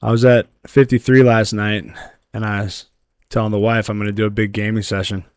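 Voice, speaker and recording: A man's voice: fairly low pitch, fairly quick, clean tone, no room sound, studio quality. A man streaming a video game, chatting casually with viewers as he plays. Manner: relaxed, talks to chat while playing; yells with excitement at lucky loot drops. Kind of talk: casual gameplay livestream chat.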